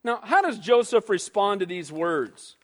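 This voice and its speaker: A man preaching a sermon, animated, who acts out quoted voices and calls for amens. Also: high voice, measured pace. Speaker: pastor. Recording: long hall reverb.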